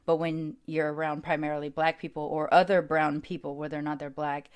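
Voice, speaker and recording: A woman's voice: low voice, little pitch movement, brisk, smooth. A woman hosting a podcast, asking long, thoughtful questions padded with fillers. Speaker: podcast host. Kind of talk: casual interview chat.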